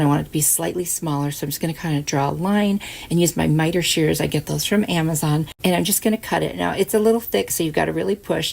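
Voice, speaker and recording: A woman's voice: low-pitched, creaky, slightly rough. A woman hosting a craft channel, chatting casually through each step of a DIY tutorial voice-over. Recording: soft music behind.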